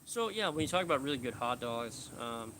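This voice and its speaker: A man's voice: medium pitch, expressive, brisk, fairly bright tone, a little hiss or hum. A middle-aged man chatting casually and rambling on a live stream from his yard, swearing offhandedly. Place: outdoors at home, rural yard.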